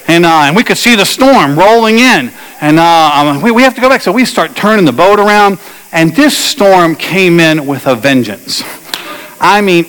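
A middle-aged man preaching a sermon, telling a personal story with animated delivery and acting out shouted quotes. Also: a little high, in a large hall, rough recording. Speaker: pastor.

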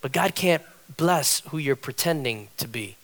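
A man preaching a sermon from a church platform, animated and repetitive, acting out the people he quotes. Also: a little high, a little slow. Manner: animated, repeats phrases, acts out quotes. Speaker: pastor.

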